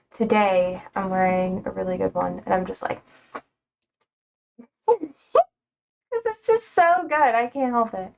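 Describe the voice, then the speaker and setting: A young woman livestreams from her home, bantering playfully with viewers and teasing them in a sassy way she herself owns up to, laughing often. Her voice sits in the mid range and sounds gravelly yet slightly mellow.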